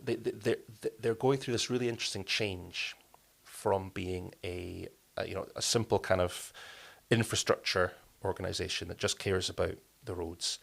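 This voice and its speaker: A man speaking as a podcast guest, explaining his work in relaxed interview talk, with frequent restarts and fillers. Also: sits low, vocal fry. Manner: thoughtful, many restarts and fillers. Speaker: podcast guest, company co-founder.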